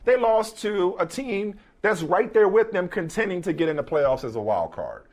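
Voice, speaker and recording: A man's voice: sits high, big pitch swings, moderate pace, a little mellow. A man hosting a sports talk show, arguing his points emphatically and often repeating himself. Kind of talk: sports debate.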